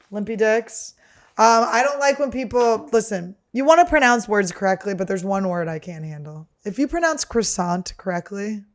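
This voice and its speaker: A woman hosting a comedy podcast, ranting casually in a crude, sarcastic way. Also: mid-range voice. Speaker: podcast host.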